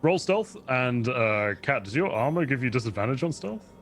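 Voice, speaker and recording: A man's voice: medium pitch, sing-song, normal speed, a bit bright. A man narrating a tabletop game as game master, playful and descriptive, often laughing.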